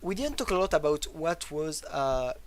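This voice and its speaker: A man casting a live strategy game in casual, halting commentary with many fillers and a faint noise floor. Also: on the high side, big pitch swings. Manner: chatty, hesitant with many fillers, laughs. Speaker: esports caster.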